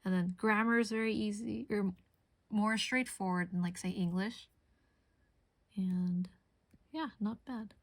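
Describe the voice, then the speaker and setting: Young woman streamer rambling casually to chat, mid pitch, dry close sound. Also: steady tone, a little slow, pauses often, no echo. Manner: chatty, rambling, answers chat.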